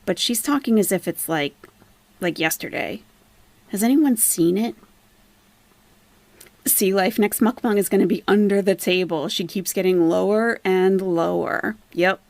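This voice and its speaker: Sarcastic woman with a gravelly voice. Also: medium pitch, a little slow, a little mellow, no room sound. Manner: reads viewer chat aloud and answers it with sarcastic quips. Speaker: commentary channel host. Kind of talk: casual reaction commentary.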